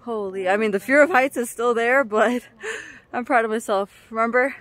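A fairly high-voiced woman talks to her handheld camera as she climbs a mountain trail outdoors. She is worn out and short of breath, and keeps letting out nervous, breathy exclamations. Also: normal speed, fairly bright tone. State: tired and out of breath. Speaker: vlogger. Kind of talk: casual vlog narration while hiking.

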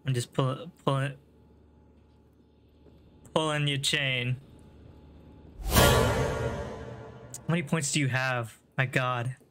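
A man's voice: mid-range voice, fairly even intonation, drawn-out words, pauses often, over music. A man streaming a video game live, chatting casually, joking, swearing and laughing a lot as he plays. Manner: jokey, laughs often, swears, teases chat. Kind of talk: casual live gameplay commentary.

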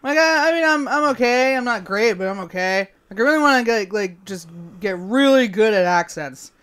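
Excitable Long Island-accented woman. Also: fairly high pitch, moderate pace, clean tone. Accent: New York, Long Island. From born in New York. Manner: excitable, swears, laughs a lot. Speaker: podcast co-host. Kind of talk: casual chat.

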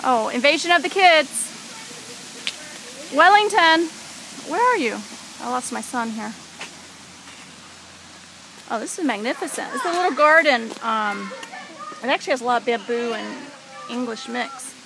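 A woman's voice: high voice, lively intonation, moderate pace, creaky, pauses often, a little hiss or hum, low-quality recording. A mother filming her small son in an outdoor garden, coaxing and teasing him in a playful way. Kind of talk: casual home video chat. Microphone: handheld camera mic.

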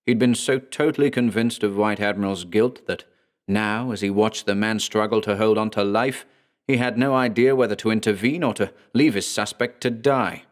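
Lower-pitched male horror narrator. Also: moderate pace.

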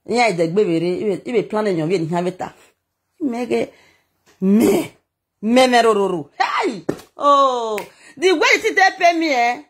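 A woman with a Nigerian Pidgin accent pours out a story as a vlog monologue. Her voice sits high and a little husky, and it leaps around a wide range. She talks dramatically and emotionally, often in a scolding tone. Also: expressive, a little slow. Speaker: vlogger. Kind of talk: animated gist monologue.

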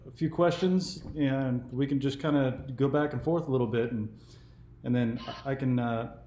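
A man's voice: medium pitch, steady tone, moderate pace, dark tone. Easygoing man in his forties, roomy sound. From California. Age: 40s. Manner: easygoing, meandering talk. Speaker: YouTube host. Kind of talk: casual phone conversation.

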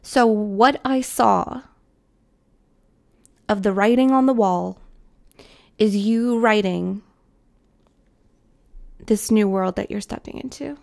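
A woman with a gravelly, creaky voice gives a heartfelt tarot reading straight to her viewers. She is emotional and close to tears, repeats herself for emphasis, and swears casually along the way. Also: mid-range voice, slow pace, pauses often, darkish tone. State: tearful, emotional. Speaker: tarot reader. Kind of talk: spiritual tarot reading to camera.

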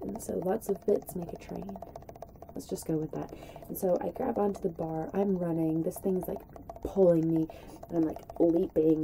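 A young woman chats through a storytime vlog, rambling and full of fillers. Her voice is very mellow and dark, sitting a bit low, with faint noise behind it. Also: gravelly, rough recording. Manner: chatty, rambling, acts out quotes in a high voice. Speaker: vlogger.

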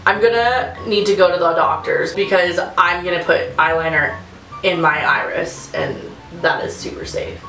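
A woman's voice: on the low side, fairly even intonation, normal speed, sharp tone. A young woman talks her way through a makeup tutorial, giggling and joking at her own expense as her nerves show. Her voice bounces around a roomy, echoing space, and faint music plays underneath. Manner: giggly, self-mocking, nervous chatter. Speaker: beauty vlogger. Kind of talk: casual makeup tutorial chat.

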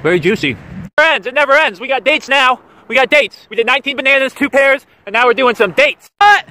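A man's voice: very high-pitched, animated, fast, pushed and bright, dry recording. A man vlogging as he walks along a road outdoors, talking in a playful, rambling way full of jokey asides into a handheld camera. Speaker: vlogger walking across the country. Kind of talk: goofy walking vlog. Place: roadside outdoors.

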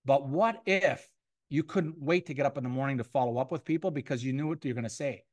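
A man's voice: medium pitch, fast talker. A man giving a motivational sales training to a room of people, repeating key points and acting out sample phone calls. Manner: energetic and repetitive, acts out sample phone calls. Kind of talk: motivational training talk to a live audience. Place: room with an audience.

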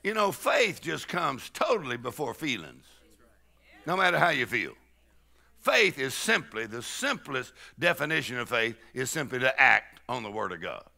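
Preaching a sermon before a live church crowd, a man spins folksy, joke-filled stories, laughing and shouting to lead the congregation in rejoicing. His medium-pitched voice swings widely in pitch, with vocal fry at a normal speed.

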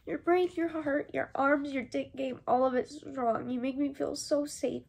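A woman's voice: sits high, steady tone, unhurried, vocal fry, few pauses, a little mellow. A young woman vlogger chatting casually and reading old letters aloud, rambling with lots of filler words. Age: young adult.

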